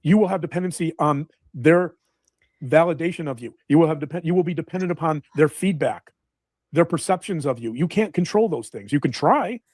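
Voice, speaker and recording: Fast lecturing man on a podcast. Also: on the high side, lively intonation, darkish tone, no echo, studio quality. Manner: lecturing, repeats and restarts words. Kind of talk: explanatory podcast talk.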